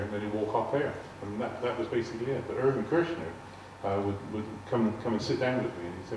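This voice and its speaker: Deep-voiced West Country man in an echoing hall. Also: fairly even intonation, fast, few pauses, darkish tone. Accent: West Country English. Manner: chatty, amused storyteller. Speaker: guest speaker answering audience questions. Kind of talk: anecdotal talk to a live audience. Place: large arts hall. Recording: echoey hall, distant mic, faint hiss.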